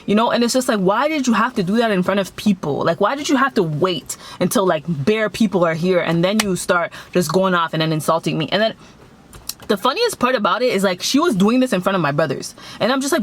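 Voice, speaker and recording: A young woman from Canada chatting casually as she tells a story, animated and acting out the voices of others. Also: mid-range voice, fairly quick. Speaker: vlogger.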